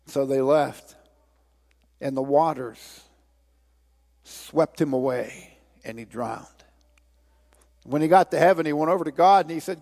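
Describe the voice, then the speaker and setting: A man preaching a sermon, telling a story in a drawn-out way. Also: fairly high pitch, a little mellow, in a large hall. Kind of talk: sermon with a told joke.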